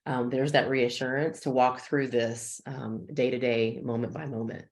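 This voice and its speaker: Really low-voiced woman giving calm expert advice on a video call. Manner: warm, reassuring, measured explanations. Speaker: psychologist guest. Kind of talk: expert interview, conversational.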